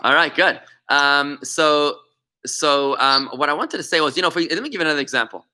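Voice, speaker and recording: Sharp, bright-voiced rabbi teaching online. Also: male voice, on the high side, brisk. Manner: animated, lively storyteller who often repeats words. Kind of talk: interactive online lesson.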